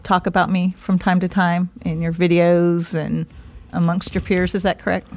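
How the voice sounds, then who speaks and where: A woman's voice: fairly low pitch, flat delivery, normal speed, a little mellow. A woman guesting on her husband's podcast who talks in a rambling way, teases him and laughs a lot. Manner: rambling, teasing, laughs often. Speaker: podcast guest, host's wife. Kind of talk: casual podcast chat. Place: small studio set.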